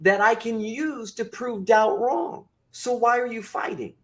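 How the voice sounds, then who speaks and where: A man who works as a motivational speaker, talking as a podcast guest in an emphatic, preachy way and acting out what people say with big swings in pitch and loudness. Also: unhurried. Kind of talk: animated podcast conversation.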